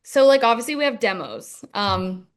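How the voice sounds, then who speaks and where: A woman's voice: on the high side, very animated, normal speed. A young adult woman musician in a casual interview, talking in a rambling way with many fillers. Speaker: musician guest.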